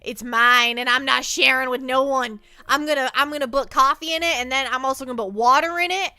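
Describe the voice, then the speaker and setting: A woman's voice: high-pitched, steady tone, fairly quick, sharp tone, clear, resonant tone, no echo. A woman livestreamer chatting casually with her viewers, playful and mock-hurt, often repeating words as she thinks aloud. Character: speaks as a sensitive penguin streamer persona.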